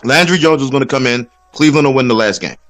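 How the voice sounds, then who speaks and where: A man's voice: mid-range voice, fast, a bit bright, faint music behind. A man hosting a casual sports talk show, ranting with plenty of profanity. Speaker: podcast host.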